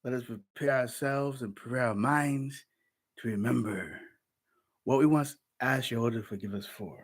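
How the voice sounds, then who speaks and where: Husky guy preaching, street talk, keeps saying man. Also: medium pitch, normal speed. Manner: streetwise, conversational preaching, calls listeners man. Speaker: religious teacher. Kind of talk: informal scripture teaching.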